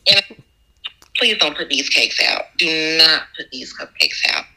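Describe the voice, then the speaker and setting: A woman from Georgia, a bakery owner as podcast guest, telling a story and acting out the dialogue with big jumps in pitch. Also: a little slow, pushed and bright, poor audio. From Augusta, Georgia. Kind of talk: animated storytelling.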